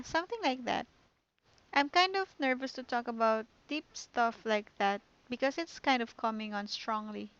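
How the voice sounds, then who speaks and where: A woman voicing a poised, confident teenage girl who leads a club, reading game dialogue aloud in a calm, gentle way. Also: fairly high pitch, dry recording, muffled recording.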